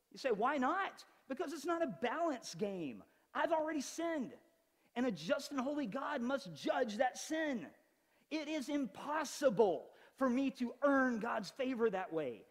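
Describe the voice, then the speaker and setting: Animated man in his forties preaching. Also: extremely high pitch, long reverb tail. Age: 40s. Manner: animated, conversational preaching with humor. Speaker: pastor. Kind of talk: sermon. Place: church sanctuary.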